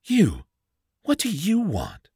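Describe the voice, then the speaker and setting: Terrified young woman, shrill and panicked, played by a male narrator, dry close audiobook sound. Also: wildly swooping pitch, slow pace, dark tone, breathy edge, dry recording, exaggerated voice. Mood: frightened. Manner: shrieking, panicked.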